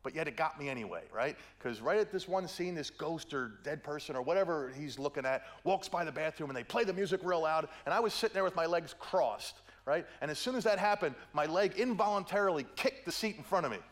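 Man, middle-aged, preacher, sermon, slightly high voice, playful, acts out quotes. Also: animated, brisk, few pauses. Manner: playful storytelling, acts out quotes, keeps asking "right?".

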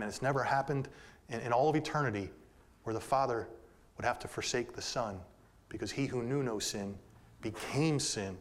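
A man preaching a sermon to his congregation, calling them "folks", moving between soft, intimate passages and loud, emphatic peaks. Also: mid-range voice. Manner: addresses listeners directly as "folks". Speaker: pastor.

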